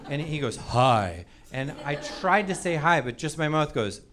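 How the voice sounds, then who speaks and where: A man in his forties performs stand-up on a comedy stage before a live audience, with a sheepish, self-mocking delivery and acted-out quotes. His voice is a little high at a moderate pace. The recording carries live crowd laughter and loud background noise.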